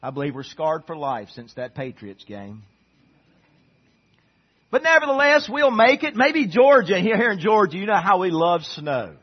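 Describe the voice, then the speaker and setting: Guy preaching, high kinda husky voice, animated, muffled lo-fi recording. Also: moderate pace. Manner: animated, preaching with sudden loud bursts and chuckles. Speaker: pastor. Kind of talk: sermon. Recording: dull lo-fi sound.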